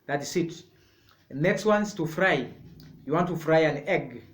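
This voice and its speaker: A man teaching a sign language lesson, explaining each sign slowly and repeating words step by step. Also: a little high. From Kenya. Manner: slow, repetitive, explaining step by step. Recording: echoey room.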